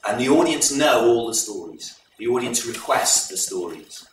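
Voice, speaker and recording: A man presenting a folk performance, retelling the tale to a live audience in a measured, explanatory way. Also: mid-range voice, expressive, slight background noise. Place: live event hall. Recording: echoey hall recorded from far off.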